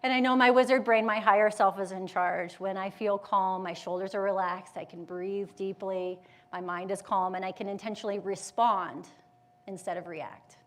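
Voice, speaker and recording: At a live event, a motivational speaker who also teaches yoga addresses the audience at medium pitch. She's an adult with school-age kids, and her animated, conversational style includes questioning the room and briefly acting out inner voices in fast quotes.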